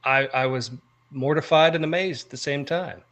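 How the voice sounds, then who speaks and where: A man co-hosting a casual podcast, an animated storyteller who drifts into ranting asides. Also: on the high side, moderate pace. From United States. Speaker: podcast co-host.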